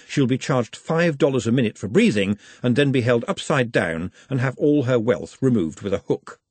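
A man narrates an audiobook with a wry, animated delivery and a lively rise and fall. His voice has a husky edge, recorded dry and close with no room sound. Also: mid-range voice, no echo.

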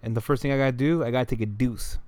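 A man's voice: medium pitch, fairly even intonation, very fast, a little mellow, dry recording. A young man telling a story in a loose, rambling way, full of slang and fillers. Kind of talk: casual storytelling monologue.

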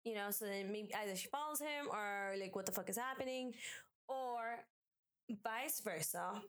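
A woman's voice: mid-range voice, normal speed, fairly bright tone. Woman musing over fan theories. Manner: speculative, rambling theorizing. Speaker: podcast co-host. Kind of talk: casual podcast chat.

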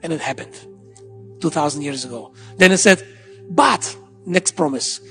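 A man's voice: a little high, normal speed, pushed and bright. A man preaching a sermon in a church, emphatic, repeating his phrases and often calling out hallelujah. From Israel. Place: church hall. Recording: large hall with long reverb and faint music.

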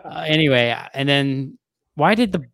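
A man's voice: mid-range voice, lively intonation, normal speed, fairly bright tone, smooth, dry recording. A man co-hosting a podcast, chatting casually in a blunt, dry way and laughing often. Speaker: podcast co-host. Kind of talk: casual chat.

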